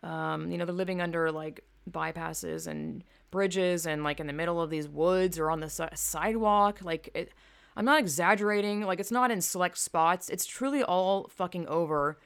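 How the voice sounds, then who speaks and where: A slightly low-pitched woman who grew up in the American South rants casually to camera. She is blunt and profane, wanders between thoughts and fills gaps with ums and likes. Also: expressive, normal speed, creaky, clear, resonant tone. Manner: blunt, profane, rambling with many fillers. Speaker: vlogger. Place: home in California.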